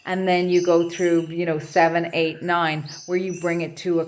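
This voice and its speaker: A woman giving an intuitive tarot reading to camera from her home office, talking in a soft, meandering, reflective way. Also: fairly low pitch, little pitch movement, moderate pace. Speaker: tarot reader.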